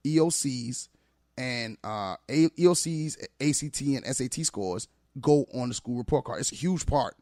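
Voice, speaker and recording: A man's voice: medium pitch, moderate pace, dry recording, clean studio sound. Emphatic male teacher telling stories. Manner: emphatic, animated storyteller. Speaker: teacher guest. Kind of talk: casual podcast conversation.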